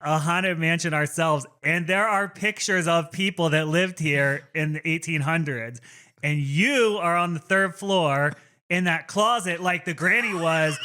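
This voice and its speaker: A man co-hosting a podcast, chatting casually and retelling a film's plot in animated detail, with casual swearing. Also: a little high, measured pace, clean tone. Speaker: podcast co-host. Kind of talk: casual chat.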